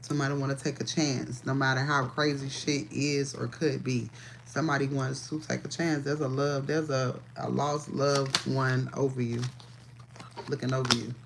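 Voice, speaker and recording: A woman giving a casual, profane livestream tarot reading, chatty and quick to laugh. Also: a bass voice, little pitch movement, slight background noise. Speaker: tarot reader.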